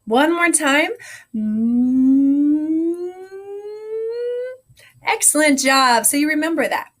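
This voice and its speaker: A woman music teacher leading vocal warm-ups with gentle, encouraging coaching and a slightly scratchy voice. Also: sits high.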